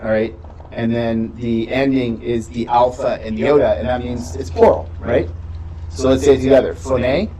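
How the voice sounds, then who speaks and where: A man's voice: medium pitch, steady tone, normal speed, warm tone, a little hiss or hum, rough recording. A man teaching a beginning Greek class, explaining patiently and checking in with "right?" often. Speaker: Greek instructor. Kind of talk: classroom lecture.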